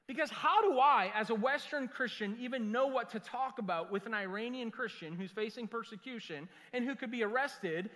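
A middle-aged pastor preaches a sermon, his voice sitting high and bright with a sharp, forceful edge. He tells animated, jokey stories and slips into quick voices for the people he quotes. The sound rings out with the long reverb of a church sanctuary.

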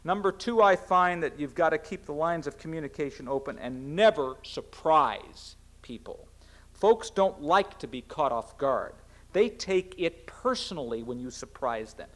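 A middle-aged American cabinet secretary delivers a formal speech. His voice sits a little high for a man, and he talks in an earnest, measured way. Now and then he stumbles and restarts a phrase. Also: lively intonation, fairly bright tone. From United States.

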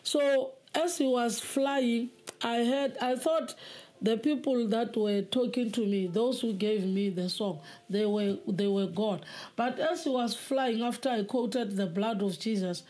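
A woman giving a spoken testimony in an earnest, halting way, often repeating words. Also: a little high, mellow. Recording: faint music behind.

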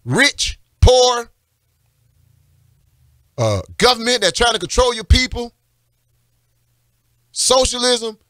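A man's voice: very high voice, sing-song, slow pace, pauses often, fairly bright tone, no room sound, studio quality. A man, a radio pastor preaching fervently, repeating his calls with growing emphasis. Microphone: studio microphone.

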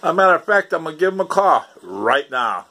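A man, chatting casually and rambling to his YouTube viewers, laughing and swearing as he goes. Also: fast talker. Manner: rambling, laughing, swearing, lively pitch swings.

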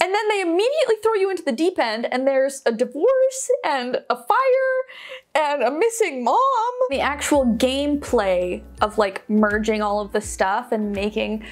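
A young adult woman hosting a casual reaction vlog to camera, bubbly and self-teasing, tossing in quick asides and laughs. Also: sits high. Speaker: YouTube reaction host.

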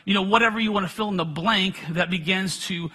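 A man's voice: high voice, brisk, pushed and bright, husky. A middle-aged man preaching a sermon, telling personal stories in a conversational way with self-deprecating humor.

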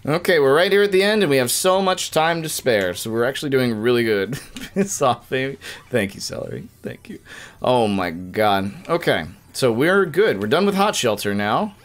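A young man giving casual, jokey live-stream commentary while playing a video game, with quick bursts of frustration. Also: mid-range voice, lively intonation.

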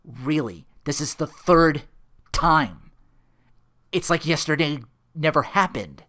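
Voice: mid-range voice, animated, slow, bright, forceful tone. A reader voicing a weary, frustrated TV weatherman who pleads in a casual read-aloud of a script. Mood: exasperated. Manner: exasperated, pleading.

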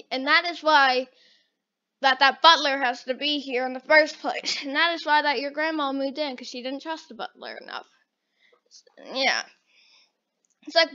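High, bright woman chatting through a game. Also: normal speed, long pauses, dull audio. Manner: chatty, retells the dialogue with "he's like". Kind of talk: casual let's-play commentary.

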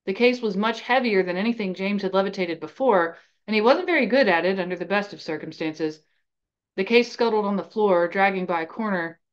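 A woman reads a fan novel aloud at a steady, even pace. Her voice sits in a middle register. The recording is a little muffled and lo-fi. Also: medium pitch, fairly quick, clear, resonant tone. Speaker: reader and podcast host.

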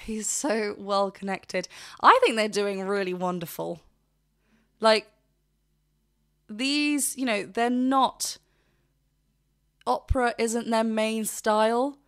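Chatty, slightly high-voiced woman vocal coach. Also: steady tone, fairly bright tone, clean tone. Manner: chatty, rambling, quick self-corrections and frequent laughs. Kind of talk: casual reaction commentary.

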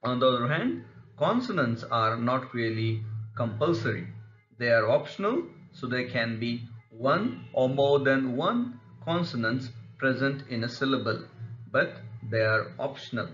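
Slow, deliberate male English teacher. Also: mid-range voice, expressive, fairly bright tone, soft background music. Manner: deliberate, methodical, repeats example words. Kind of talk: scripted pronunciation lesson. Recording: echoey room, slightly muffled lo-fi sound.

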